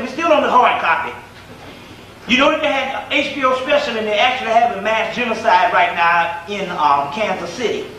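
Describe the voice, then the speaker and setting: A man giving an informal lecture, rambling and repeating himself with many pauses and restarts. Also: high-pitched, bright, forceful tone. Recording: echoey room from far off, faint noise.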